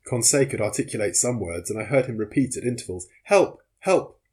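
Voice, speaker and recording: Male audiobook narrator, raspy voice, low pitch, measured dramatic reading. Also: a little mellow. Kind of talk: audiobook reading of a classic novel.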